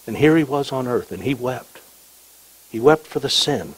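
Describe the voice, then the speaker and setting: A man preaching a sermon in a husky, slightly rough voice. He reads scripture with slow, deliberate weight, then drops into wry, light asides, and his pitch sits in an ordinary middle register. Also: animated, poor audio. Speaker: pastor.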